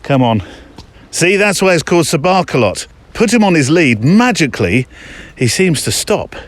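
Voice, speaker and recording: A man's voice: a little high, sing-song, normal speed. A man hosting his show in a casual, rambling monologue while out on a muddy countryside walk, chatting and joking with his dog between thoughts. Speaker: podcast host.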